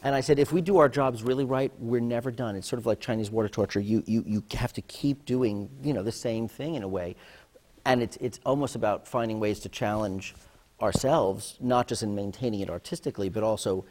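Low-voiced man producer on a panel. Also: brisk, a little mellow, big-room sound. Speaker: theater producer. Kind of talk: panel discussion.

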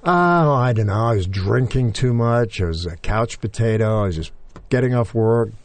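A man's voice: mid-range voice, expressive, moderate pace, no room sound. An older man from England, now with an American accent, telling stories in an interview with many fillers and restarts. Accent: General American. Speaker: interview guest. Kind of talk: conversational interview.

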